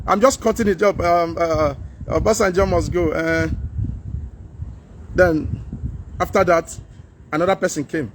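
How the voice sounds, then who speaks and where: Nigerian man with a high voice, preachy political vlogger, hammers points with rhetorical questions, vehicle noise behind. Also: slow pace, pauses often. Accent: Nigerian English with Pidgin. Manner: preachy, repeats phrases, asks rhetorical questions. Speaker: political commentator. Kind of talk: impassioned political vlog rant.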